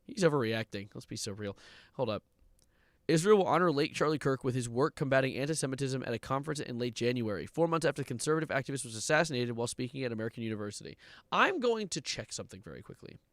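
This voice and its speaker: A young man streaming live and reacting to online content, ranting sarcastically, swearing and breaking into loud outbursts. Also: medium pitch, lively intonation, fast talker, dry recording. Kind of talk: livestream reaction commentary.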